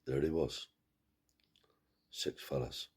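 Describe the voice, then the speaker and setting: A man tells a long, rambling story in loose country dialect. His voice sits very low and sounds dark and mellow. There is a husky, breathy grain to it. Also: steady tone, takes it slowly. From Cornwall. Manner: rambling yarn with dialect grammar. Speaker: travelling scrap dealer. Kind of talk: casual storytelling.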